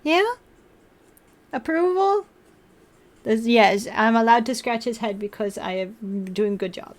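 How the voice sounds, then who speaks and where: A woman's voice: medium pitch, fairly even intonation, normal speed. A young woman livestreaming, chatting with viewers and talking baby talk to her cat. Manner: playful baby talk to a pet. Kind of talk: casual chat with chat and her cat.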